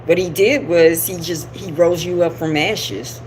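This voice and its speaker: A woman's voice: on the low side, steady tone, unhurried, a little mellow, slight background noise, low-quality recording. A woman hosting a live stream, talking casually and informally about spirituality, rambling with laughing asides. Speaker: livestream host. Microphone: camera on a live stream.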